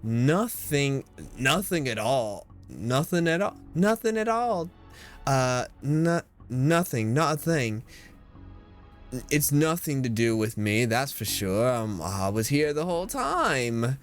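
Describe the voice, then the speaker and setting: A man's voice: very animated, slow, faint music behind. A man putting on a wobbly prim young nanny. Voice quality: wobbly put-on higher voice.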